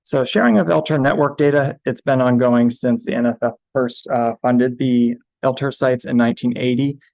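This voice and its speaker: Man, gravelly voice, flat delivery, hesitant with fillers, presentation, dull lo-fi sound. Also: medium pitch, moderate pace, dry recording. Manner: hesitant, many ums and uhs. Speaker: information manager. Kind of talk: recorded presentation.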